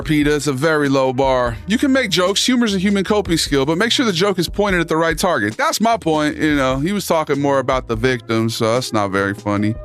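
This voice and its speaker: A livestream host with a fairly high, fairly bright voice hangs out with his chat, reading messages and replying in a relaxed, sarcastic, slangy way.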